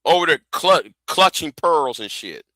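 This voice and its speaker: A man's voice: on the high side, big pitch swings, a little slow, pushed and bright, dry recording. A man hosting a livestream, ranting angrily and profanely, often repeating himself and stumbling over words. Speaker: livestream host. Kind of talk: heated livestream rant.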